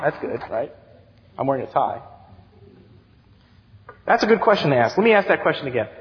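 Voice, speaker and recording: A man in his thirties preaching a sermon as youth director, telling stories with animated, acted-out voices, heard in a church sanctuary. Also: fairly high pitch. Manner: animated storytelling, acts out excited voices. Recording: dull sound with long church reverb.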